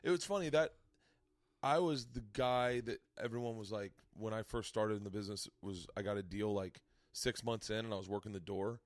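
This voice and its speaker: Animated swearing man hosting a podcast. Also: lowish voice, fairly quick, no echo. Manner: animated storytelling, swears often, acts out quotes. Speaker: podcast host. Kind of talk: casual chat.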